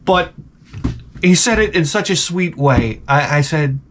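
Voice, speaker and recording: A man's voice: on the high side, animated, a little slow, a bit bright. Rambling middle-aged man telling stories. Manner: rambling, self-mocking, swears freely. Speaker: vlogger. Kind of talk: casual storytelling to camera.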